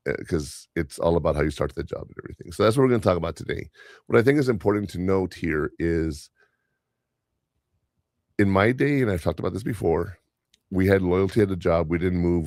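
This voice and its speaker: In clean studio audio with no room sound, a man with a deep, darkish voice hosts a podcast. He chats casually about workplace stories, rambling with lots of fillers and restarts.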